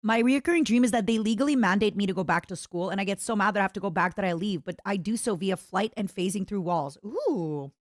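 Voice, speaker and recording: A young adult woman streaming, chatting casually with her viewers and slipping into squeaky impressions of friends. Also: fast talker, hardly any pauses, no echo, clean studio sound. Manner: animated, bursts into high-pitched imitations. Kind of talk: casual chat with chat readers.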